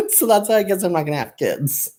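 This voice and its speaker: Lively, chatty man, laughing often. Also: high-pitched. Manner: chatty, animated, self-mocking, laughs often. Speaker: crafting channel host. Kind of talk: casual livestream chat.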